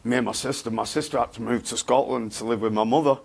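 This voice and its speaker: A man, talking bluntly and haltingly in a candid interview, often repeating himself. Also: medium pitch, steady tone, vocal fry, darkish tone. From England. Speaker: interview guest.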